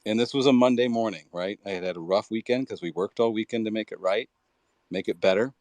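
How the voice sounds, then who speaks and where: Candid low-voiced man, dry sound. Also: fast, darkish tone, no room sound. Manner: candid, reflective, with frequent "like" fillers. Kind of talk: casual chat in an online audio room.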